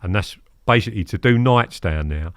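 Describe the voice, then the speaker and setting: Guest in his fifties, low voice, dry sound, animated storyteller. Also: a little fast, dry recording. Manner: animated, acts out quotes, keeps asking "do you know what I mean?". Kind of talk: casual storytelling interview.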